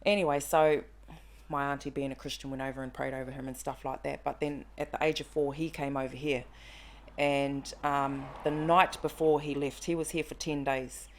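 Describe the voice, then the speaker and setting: Low-voiced woman telling a story. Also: normal speed, slight background noise. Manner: animated storyteller, acts out quotes. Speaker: podcast guest. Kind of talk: casual conversation, storytelling.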